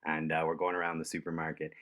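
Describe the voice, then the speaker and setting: A man telling a story in a relaxed, chuckling way, with lots of fillers. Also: rumbling low, fast talker. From Canada. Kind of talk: casual storytelling.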